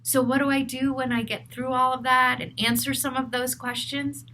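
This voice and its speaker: A woman's voice: high voice, little pitch movement, moderate pace, sharp tone, slight background noise, rough recording. A middle-aged woman, a therapist, talking to camera in an earnest, self-reflective way as she works through her feelings aloud.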